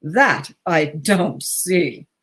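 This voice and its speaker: A woman's voice: deep voice, very slow, fairly bright tone, exaggerated voice. A woman doing a languid, amused male photographer.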